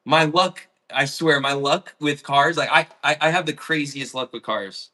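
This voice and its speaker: A bright, forward-sounding man tells a story from his baking job in a loose livestream chat. He rambles candidly, with plenty of fillers and laughs and a swear word here and there. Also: a little high, normal speed. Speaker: baker and video host.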